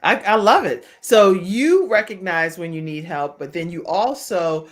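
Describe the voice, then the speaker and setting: Woman hosting a talk show, casual chat, pitch jumping all over, animated. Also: measured pace. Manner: animated, acts out quoted voices.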